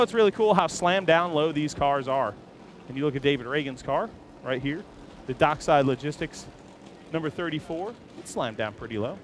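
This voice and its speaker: A man hosting live, enthusiastic walk-around commentary in an outdoor race-car garage, chatting with viewers while filming on a camera he holds himself. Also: on the high side. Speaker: host. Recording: noisy outdoor garage, engines running. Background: engines and garage noise.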